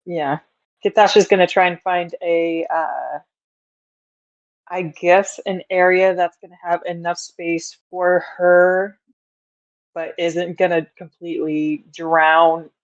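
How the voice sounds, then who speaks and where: A woman's voice: on the low side, steady tone, takes it slowly, dry recording. Hesitant woman player, dull lo-fi mic. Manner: hesitant, lots of ums. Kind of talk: casual tabletop play.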